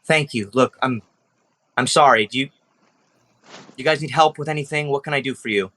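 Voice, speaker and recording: Guy playing a shy siren girl, bright voice, keeps saying sorry. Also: medium pitch, moderate pace. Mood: relieved. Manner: apologetic, pleading. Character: timid young female garden guardian siren.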